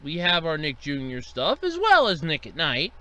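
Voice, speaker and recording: A man voicing a self-important male TV network executive who answers back defensively, a bit lower and quieter than his own voice. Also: huge pitch swings, normal speed, exaggerated voice. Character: smug male TV network boss.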